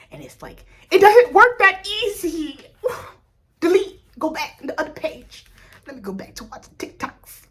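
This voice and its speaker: A young adult woman from Africa talking candidly in a casual vlog, blunt and profane, jumping from loud outbursts to low mutters. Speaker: vlogger.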